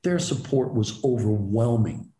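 A man's voice: mid-range voice, unhurried. Man telling a story in an echoey room. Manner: animated anecdotal storytelling, self-deprecating. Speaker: interview guest, former baseball pitcher. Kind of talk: storytelling in an interview.

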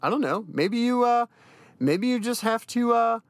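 A young man hosts a podcast, delivering a blunt, profane motivational monologue that hammers the same points again and again. His voice is very high with lively intonation and a moderate pace, and he speaks emphatically, repeating key phrases, with no room sound.

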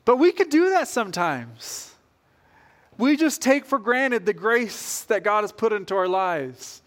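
High-voiced man preaching with animated storytelling. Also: unhurried. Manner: storytelling, acts out quoted voices with rising energy. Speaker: pastor. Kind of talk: sermon.

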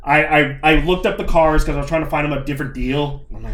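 In an echoey room, a young man with a higher voice talks fast. He tells his story in a loose, profane, animated style, playing out his own lines and quoting other people.

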